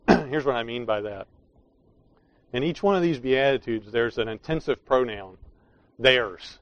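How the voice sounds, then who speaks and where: A man's voice: mid-range voice, unhurried, dry recording, highs cut off. A man preaching a sermon, explaining scripture in an emphatic way that leans hard on key words. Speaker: pastor.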